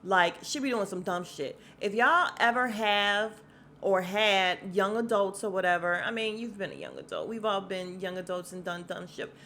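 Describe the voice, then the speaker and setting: A woman's voice: mid-range voice, animated, moderate pace, a little hiss or hum. Candid, exasperated woman podcaster venting. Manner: candid, rambling, swings from hushed to loud and exasperated. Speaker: podcast host. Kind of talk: casual solo commentary.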